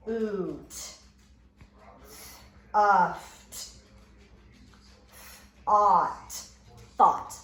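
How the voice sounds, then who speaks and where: A woman teacher giving a recorded phonics lesson, sounding out letters and word parts one at a time. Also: lowish voice. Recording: echoey room with faint ambient noise.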